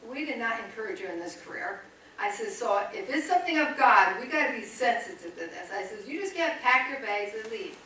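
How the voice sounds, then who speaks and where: A middle-aged woman missionary telling a lively story from the pulpit and acting out both sides of a conversation. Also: mid-range voice, a little hiss or hum. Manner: animated, chatty storytelling with quoted dialogue. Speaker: missionary guest speaker. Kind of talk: storytelling testimony in a church service. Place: church sanctuary. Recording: echoey church hall, voice from a distance.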